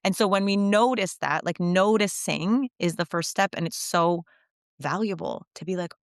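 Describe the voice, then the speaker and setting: Brief: woman, podcast coach guest, low-ish voice, reflective with easy laughs, dry and close. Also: dry recording. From United States. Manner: reflective, warm laughs, quick asides. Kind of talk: podcast conversation.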